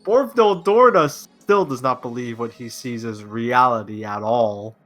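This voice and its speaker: A man playing a streamed story game, reading his turns and making quick, playful wordplay with friends. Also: mid-range voice, a bit bright, faint music behind.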